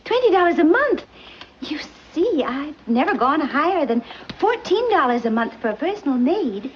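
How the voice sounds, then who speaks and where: A refined, fussy society mother with a high, animated voice. She speaks genteelly and carefully, in 1940s film style. The sound is dull with a faint hiss. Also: normal speed.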